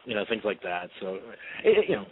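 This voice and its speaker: A man's voice: lowish voice, sing-song, fast talker, breathy edge. A man co-hosting a casual hockey radio chat, rambling and hesitant with many fillers. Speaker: blog podcast co-host. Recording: tinny phone line.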